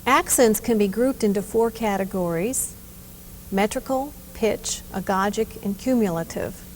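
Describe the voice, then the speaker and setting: A woman giving scripted instructional narration about hymn playing in a measured, explanatory way. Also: medium pitch, slight background noise. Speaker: narrator and organ teacher.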